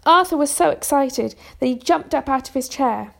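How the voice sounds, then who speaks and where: A woman reads a children's storybook aloud in a steady, even voice. Her voice sits a little high and carries a gravelly fry. Now and then she stumbles and restarts a word. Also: moderate pace. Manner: steady reading with small restarts. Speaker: narrator. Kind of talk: storybook reading.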